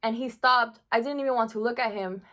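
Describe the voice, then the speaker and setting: A woman's voice: a little high, a little fast, fairly bright tone. Young woman telling a personal story. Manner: emotional, frequent fillers. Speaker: vlogger.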